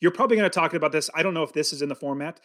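A man hosting a podcast talks with a lot of energy in a chatty, upbeat way. His voice sits a little high for a man and is recorded dry and close, with no room echo. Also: racing, a bit bright. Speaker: podcast host. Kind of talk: casual podcast conversation.

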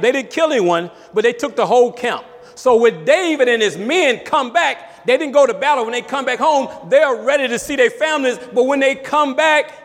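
A male pastor preaching a sermon with emphatic call-outs, his voice sometimes rising to a shout. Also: very high voice, long reverb tail.

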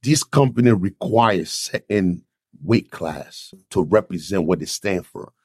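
A man's voice: sits low, measured pace, husky, dry recording, clean studio sound. A man hosting a faith podcast, telling his own story like a sermon and acting out the voices in it. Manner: preaching testimony, acting out quoted voices, swings to loud shouting. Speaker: podcast host. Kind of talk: impassioned faith podcast talk.

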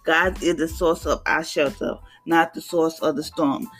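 A woman's voice: low-pitched, fairly even intonation, unhurried, a bit bright, slightly rough, soft background music. A woman hosting a podcast devotional, teaching in a casual, conversational way and acting out little voices. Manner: conversational, preachy, acts out voices with laughs.

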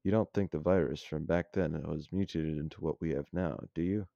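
A man's voice: rumbling low, fairly even intonation, brisk, vocal fry, dark tone, no room sound, dull audio. A man voicing an anxious young soldier who keeps asking questions, read out plainly. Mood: uneasy.

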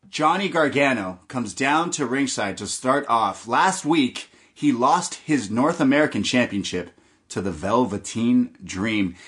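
A man's voice: medium pitch, a bit bright. A young man hosting a podcast who recaps a wrestling show in loose, jokey chat with the odd swear word. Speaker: podcast host.

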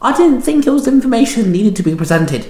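A man voicing a prim, sharp-tongued young woman, sighing and put-upon, in an echoey room. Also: extremely high pitch, big pitch swings, a little fast, voice pushed up, exaggerated voice. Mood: exasperated.

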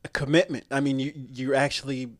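A relaxed man speaking as an actor guest in a loose, casual interview. His talk is easygoing and peppered with fillers and quick laughs. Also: mid-range voice.

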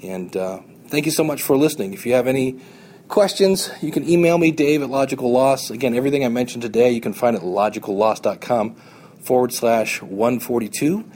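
A man's voice: mid-range voice, a little fast, a little mellow. A man hosting a podcast, talking earnestly and encouragingly in a motivational monologue, often repeating his points. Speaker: podcast host.

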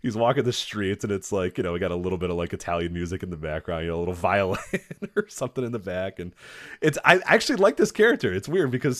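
Man, podcast co-host, rambling recap, laughs often, lively pitch. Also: no echo, studio quality. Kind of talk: casual wrestling chat.

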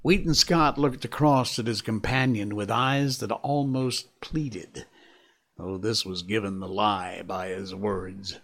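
A man narrating a classic adventure novel aloud, in a measured, expressive reading voice. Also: fairly low pitch. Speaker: audiobook narrator. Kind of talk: scripted narration.

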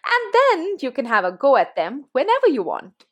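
Woman podcast co-host, animated and playful, fairly high voice. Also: normal speed. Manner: encouraging, playful. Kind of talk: casual podcast chat.

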